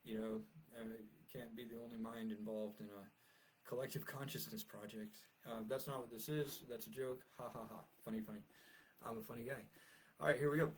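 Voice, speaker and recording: A man's voice: mid-range voice, steady tone, brisk, husky, low-quality recording. A man talking casually to his viewers, rambling and self-deprecating with many fillers, and reading his own essay aloud.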